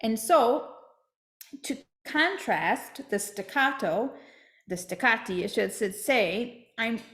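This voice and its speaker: A woman's voice: on the high side, lively intonation, slow, a bit bright. Woman flute teacher, echoey room. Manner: explains step by step, checks in with "right?". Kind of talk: masterclass teaching.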